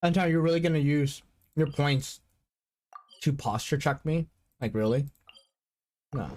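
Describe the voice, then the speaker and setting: A man's voice: fairly high pitch, measured pace, darkish tone. A man streaming a game, rambling casually, swearing and stammering, with a headache. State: has a headache. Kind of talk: casual live-stream commentary.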